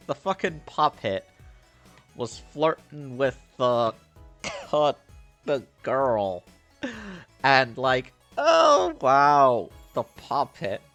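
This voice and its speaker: A man's voice: mid-range voice, sing-song, extremely slow, gravelly, pauses often, a bit bright, soft background music. A man playing a story game, commenting casually with profane, joking asides. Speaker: let's play streamer.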